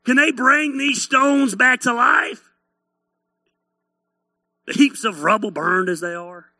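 A man's voice: very high-pitched, drawn-out words, a little mellow, dry recording, pitched above the performer's own voice, heavily acted. A man putting on a sneering backwoods mocker. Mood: mocking. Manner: sneering, mocking taunts. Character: mocking backwoods male critic sneering at builders.

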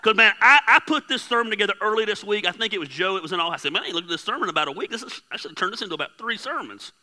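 A man preaching a sermon, candid and joking with his congregation, swinging between soft asides and loud emphatic bursts. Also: sits high, lively intonation, very fast. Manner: candid, joking, talks straight to the crowd. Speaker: pastor. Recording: hall reverb.

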